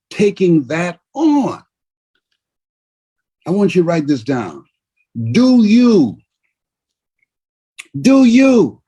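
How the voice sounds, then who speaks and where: An older man giving a motivational speech in a husky voice, preaching with big swings between shouts and low murmurs. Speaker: motivational speaker. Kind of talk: motivational speech on a video call.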